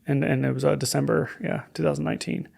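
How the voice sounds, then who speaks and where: Podcast guest, young adult man; candid, reflective storytelling with a gravelly, monotone delivery. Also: a little high, quick pace. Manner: candid and reflective, with hesitant fillers. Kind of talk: personal story in a podcast conversation.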